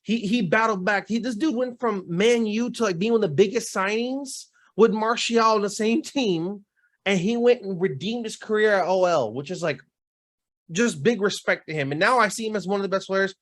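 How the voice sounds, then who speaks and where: A young man with a high-pitched voice talks in a loose, animated way on a podcast. He leans on slang and drifts into quick asides as he goes. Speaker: podcast co-host. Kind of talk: casual chat.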